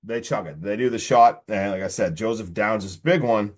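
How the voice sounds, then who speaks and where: Excitable man retelling a film. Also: on the low side, normal speed, breathy edge. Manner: animated retelling, acts out the characters; excitable, slangy. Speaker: podcast host. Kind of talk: casual podcast film review.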